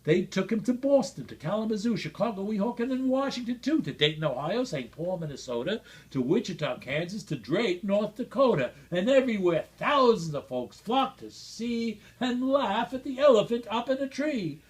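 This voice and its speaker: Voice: medium pitch, expressive, moderate pace, hardly any pauses. A reader at a school event reading a rhyming picture book aloud with dramatic, rhythmic expression.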